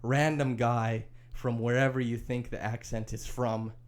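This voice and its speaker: A man hosting a sports podcast, retelling a game in an animated and opinionated way. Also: medium pitch, unhurried. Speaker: podcast host. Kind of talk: casual sports podcast recap.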